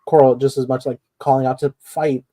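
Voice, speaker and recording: A man co-hosting a podcast, talking in a halting way full of fillers like "like" and "you know". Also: medium pitch, little pitch movement, dark tone, no room sound. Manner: halting, filler-heavy musing. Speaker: podcast co-host. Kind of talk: casual podcast discussion.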